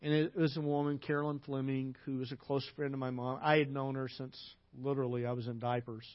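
Pastor preaching in a lo-fi recording. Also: male voice, medium pitch, little pitch movement, brisk. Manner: personal storytelling, drops to a hush at sad moments and acts out quoted lines. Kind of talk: sermon.

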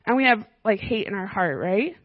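A woman teaching a children's church lesson, lively and often asking the kids questions. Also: medium pitch, moderate pace, no echo, phone-quality sound.

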